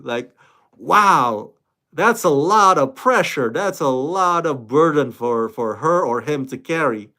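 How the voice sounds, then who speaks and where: Animated man with a fairly high voice. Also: slow pace. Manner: animated, laughing, many fillers and restarts. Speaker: YouTube reaction host. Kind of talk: casual commentary to camera.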